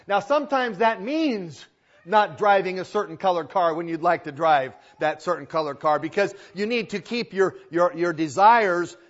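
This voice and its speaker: A man's voice: high-pitched, a bit bright, dull audio. A male pastor preaching a sermon in an emphatic style, repeating phrases for weight.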